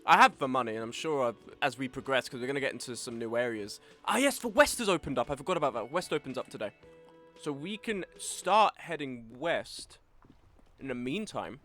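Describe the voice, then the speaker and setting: A man's voice: mid-range voice, very animated, a little fast, sharp tone, faint music behind. A young man with a sore throat streaming a game, chatting wryly and reading chat aloud while he eats. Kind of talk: casual game stream commentary.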